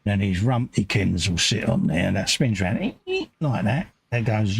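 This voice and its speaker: A man chatting slowly while building a model kit, joking and describing each step. His voice is gravelly and a little husky, and his pitch swings widely as he teases. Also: lively intonation. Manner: jokey banter, talking through each build step. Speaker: co-host of a model-building livestream.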